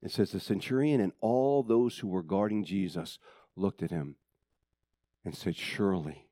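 A man preaching a sermon to his church, dramatic and swinging from loud excitement to hushed intensity, with conversational asides to the congregation. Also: lowish voice, moderate pace, dry recording, clean studio sound. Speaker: pastor.

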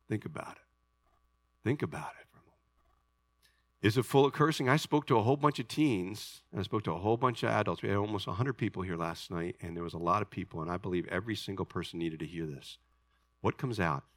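A man's voice: medium pitch, no room sound. A middle-aged man preaching a sermon as pastor, calling out to his congregation and asking for an amen. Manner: animated preaching, calls to the congregation. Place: church sanctuary.

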